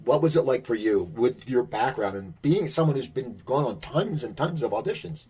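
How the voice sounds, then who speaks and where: A man's voice: mid-range voice, animated, moderate pace, mellow, breathy edge. A man hosting an interview and asking long, rambling questions with many restarts. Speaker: podcast host, interviewer. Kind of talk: casual interview chat.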